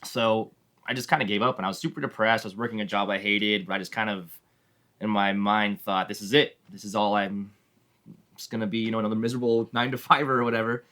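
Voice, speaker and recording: A man's voice: fairly low pitch, steady tone, quick pace, bright, forceful tone. A man, a drummer guest on a podcast, telling rambling anecdotes with frequent laughs and acted-out quotes. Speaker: drummer, band member guest. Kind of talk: casual storytelling interview.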